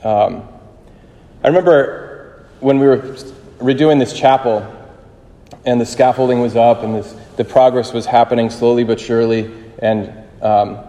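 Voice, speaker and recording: A man giving a conversational sermon in a chapel, halting and restarting as he tells a story. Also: medium pitch, steady tone, mellow. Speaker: priest. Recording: long chapel reverb.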